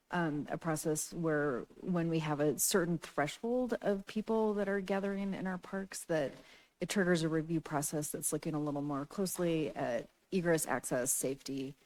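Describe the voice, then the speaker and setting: A woman on a city council speaks up eagerly, with a very low voice. She often says "like" as she lays out her ideas for the city. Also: darkish tone, low-quality recording. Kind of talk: formal meeting talk. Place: council chamber.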